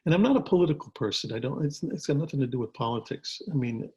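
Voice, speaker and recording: An older male actor tells stories from his home over a video call in a relaxed, casual interview, often restarting and repeating words. His voice is medium-pitched and husky, his pace quick, and the sound lo-fi.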